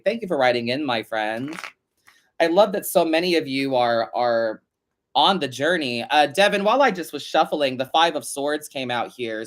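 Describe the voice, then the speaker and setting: A man hosting a casual live-stream tarot reading, chatty and animated, swearing now and then as he talks to his viewers. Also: medium pitch. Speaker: tarot reader host.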